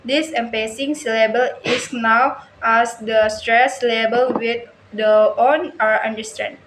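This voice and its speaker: Woman, student presenter, halting read-through, echoey room with faint hiss. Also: fairly high pitch, fairly even intonation, a bit bright. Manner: halting reading with frequent restarts and stumbles. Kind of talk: reading a prepared explanation.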